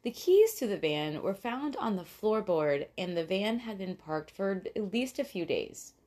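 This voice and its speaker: A woman's voice: medium pitch, big pitch swings, measured pace, a little mellow. A young adult woman co-hosting a casual true-crime podcast, chatty and giggly, with lots of fillers and swearing. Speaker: podcast co-host.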